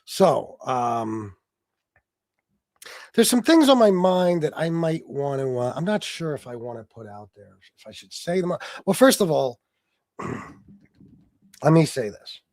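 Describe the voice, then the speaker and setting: This man hosts a casual livestream, speaking at a fairly high pitch with big swings, unhurried and a little mellow, with no echo. He's brash and boastful, swears freely, and chats with viewers by answering their comments.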